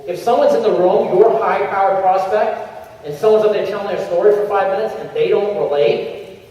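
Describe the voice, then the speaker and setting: A man giving an energetic coaching talk to a convention crowd, acting out little scenes in changing voices. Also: high-pitched. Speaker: motivational speaker at a sales convention. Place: large convention hall. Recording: echoey convention hall, far from the mic, dull sound.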